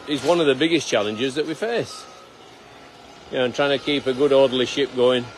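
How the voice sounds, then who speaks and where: A man's voice: medium pitch, fairly bright tone. A man, a farmer hosting a live stream, chatting casually and teasing his colleagues. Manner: chatty, teasing, with frequent restarts. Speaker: farmer and livestream host.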